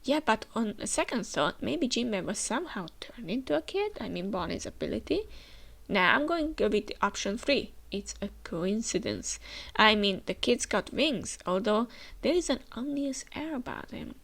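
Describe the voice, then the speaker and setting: A woman's voice: fairly high pitch, big pitch swings, normal speed, vocal fry, fairly bright tone. A woman hosting a manga reaction, chatting casually with many fillers while she has a cold and sounds tired. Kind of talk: casual reaction commentary, reading aloud.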